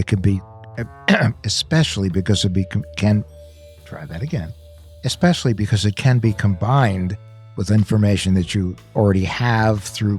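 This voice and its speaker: A man co-hosting a podcast, explaining things in a measured way with some dry humor. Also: fairly low pitch, mellow, husky. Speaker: podcast co-host. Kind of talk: casual podcast chat.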